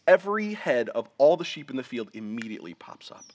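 A man in his thirties preaching a sermon as pastor, earnest, slowing down and dropping quiet for emphasis. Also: big pitch swings. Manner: earnest preaching, slows for emphasis, drops to quiet low lines.

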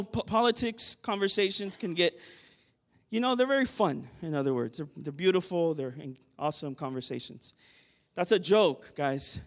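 A man's voice: sits high, in a large hall. A man preaching a sermon as a pastor, talking in a conversational way with many restarts and building to emphatic points.

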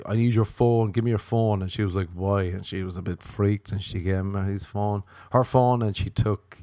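A man doing a rambling, crude comic monologue, self-mocking, often jumping into high mocking voices to quote people. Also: darkish tone, no room sound, clean studio sound. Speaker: comedian.

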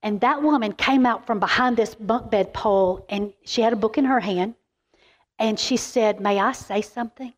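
Middle-aged lady preaching a keynote, higher voice, lively and emphatic. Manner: animated and emphatic, quick asides. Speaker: keynote speaker. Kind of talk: sermon-style storytelling. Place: large event venue.

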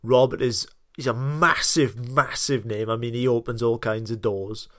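A man from South Wales with a Welsh accent, co-hosting a podcast and telling anecdotes in a lively, casual way. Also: medium pitch, normal speed, no room sound, clean studio sound. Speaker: podcast co-host. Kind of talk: casual chat.

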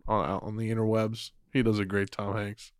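A man's voice: lowish voice, little pitch movement, smooth, dry recording. Wisecracking man, dry sound. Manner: wisecracking, quick joking asides. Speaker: podcast co-host. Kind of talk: casual chat.

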